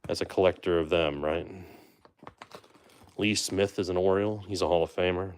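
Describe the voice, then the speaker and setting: A man with a low, deep voice hosts a live stream in a relaxed, chatty way. He talks loosely with plenty of fillers and asides to his viewers. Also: normal speed, smooth. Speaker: livestream host opening baseball card boxes. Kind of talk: casual live-stream commentary.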